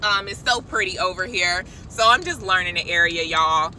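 A woman giving an excited, preachy spiritual message to her viewers from a parked car, calling them y'all. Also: fairly low pitch, moderate pace, a little hiss or hum, poor audio. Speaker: christian vlogger. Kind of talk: casual spiritual vlog. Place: parked car outside a shop.

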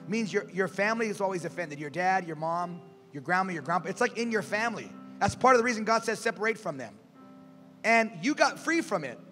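A male pastor preaching a sermon, animated and calling out to his congregation. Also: high-pitched. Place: church sanctuary. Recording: reverberant church hall, faint music.

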